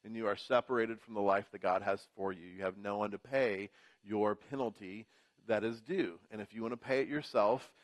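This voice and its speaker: A pastor preaching a sermon in church, building emphasis through rhythmic repetition. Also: male voice, on the low side, normal speed.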